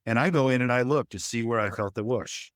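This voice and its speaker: A man's voice: medium pitch, brisk, dry recording, clean studio sound. A man leading a relationship workshop, speaking to a live audience in a folksy way and acting out bits of dialogue. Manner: folksy, acts out quoted dialogue. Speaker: relationship coach.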